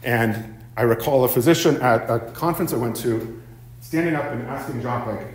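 A male professor with a mid-range, brisk voice gives a seminar lecture in a university seminar room, peppering his talk with ums and repeated "right?" checks. The echoey lecture room comes through on the recording.

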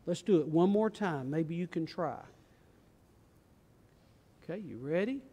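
A man, a pastor gently coaxing small children through a children's message during a church service. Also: on the high side, expressive, unhurried, husky, dull audio. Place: large church sanctuary. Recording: long church reverb.

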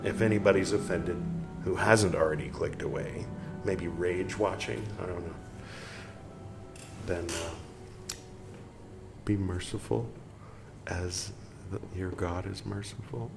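Low-voiced man reading aloud with jokey asides. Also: takes it slowly, creaky, long pauses, echoey room, over music. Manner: rambling, self-mocking, breaks off to joke. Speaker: podcast host reading a text aloud.

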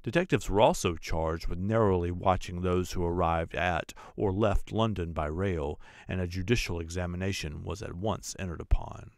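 Brief: male audiobook narrator, very low and gravelly, steady reading. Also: normal speed, few pauses, no echo, studio quality.

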